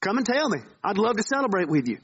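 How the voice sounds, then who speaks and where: A man's voice: sits high, sing-song, quick pace, fairly bright tone, slightly rough, lo-fi sound. A man preaching a sermon in a church, pleading with his listeners in earnest, repetitive appeals. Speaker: pastor. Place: church sanctuary.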